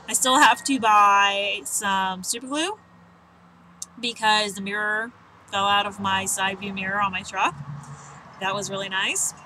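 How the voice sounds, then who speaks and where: A woman's voice: mid-range voice, background noise. A young woman vlogging in casual chat on an outdoor balcony, rambling and self-mocking with lots of fillers.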